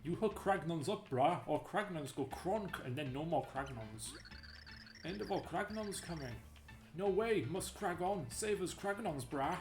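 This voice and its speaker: A woman's voice: deep voice, moderate pace, roomy sound, voice pushed up. A woman voicing a dim rock creature who talks like a caveman surfer dude, with game music behind. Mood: goofy. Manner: broken caveman talk, surfer slang.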